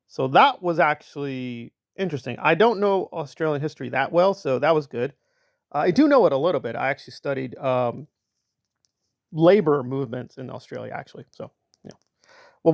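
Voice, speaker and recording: A man's voice: on the high side, creaky, dry recording. Dry, sarcastic male commentator. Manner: sarcastic, mocking impressions of others. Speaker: commentary channel host. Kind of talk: reaction commentary.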